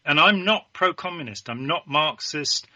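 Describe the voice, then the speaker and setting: A man's voice: on the high side, expressive, normal speed, bright, forceful tone, dry recording. A man talking as a guest in a political discussion, emphatic and opinionated.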